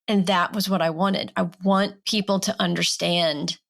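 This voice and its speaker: A woman speaking as a podcast guest, her voice carrying a fry-tinged, gravelly texture. She talks from the heart, pressing firmly on key phrases in easygoing conversation. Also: on the low side, fairly even intonation, moderate pace, a bit bright. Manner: heartfelt, emphatic. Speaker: podcast guest, life coach. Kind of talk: casual conversation.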